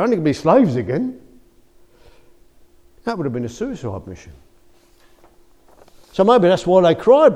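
A man's voice: sits high, a little mellow. A man giving an informal, conversational sermon that rises to emphatic outbursts. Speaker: preacher.

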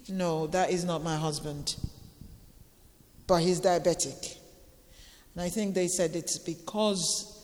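A woman in her forties sharing an emotional personal testimony with a church gathering, halting and tearful, repeating phrases for emphasis. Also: lowish voice, long reverb tail.

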